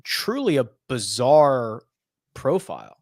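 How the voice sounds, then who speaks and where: A man chatting about golf picks on a podcast, jumping up and down in pitch as he rambles. His voice sits in the middle range and comes across dry and close, with no room sound. He talks casually and chuckles along the way. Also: slow pace, no echo. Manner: animated, rambling, laughs while talking. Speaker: podcast co-host. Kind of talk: casual golf betting chat.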